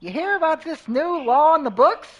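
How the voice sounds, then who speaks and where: A brash male TV news anchor, as a man puts on a newsreader voice, pitched up well above his own speech and pushed loud. He punches every line in a hammy broadcast manner, as on a comedy news show. The voice stays lively and showy throughout. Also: moderate pace, lo-fi sound. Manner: loud hammy newscaster delivery.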